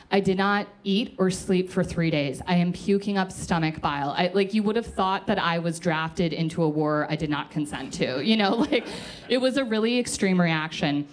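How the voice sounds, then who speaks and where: A young adult woman telling a comic personal story to a live audience, self-mocking and animated, slipping into quoted voices and laughing as she goes. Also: lowish voice. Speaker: comedian telling a story on stage.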